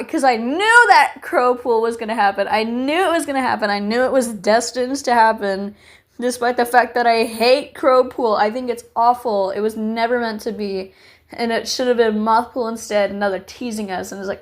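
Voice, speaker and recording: A woman's voice: fairly high pitch, moderate pace. Woman, fan commentary, theatrical mock despair, rambling, lots of fillers. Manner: dramatic, gushing, mock-despairing. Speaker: book reviewer.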